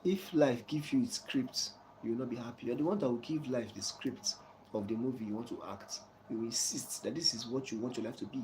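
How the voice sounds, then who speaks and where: A man giving casual, preachy life advice to a viewer, often asking "you understand?" and chuckling softly. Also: mid-range voice, fairly quick, slight background noise, rough recording. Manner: soft chuckles between points.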